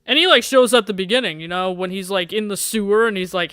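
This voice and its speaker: A streamer reading a dating game aloud during a live playthrough, animated and jokey, laughing often. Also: medium pitch, fast, smooth, dry recording, clean studio sound.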